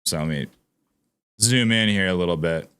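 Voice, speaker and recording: A man with a low, clear, resonant, fairly bright voice hosts his own political commentary channel at a normal speed. He chats casually but emphatically with viewers and reads news aloud, sounding incredulous.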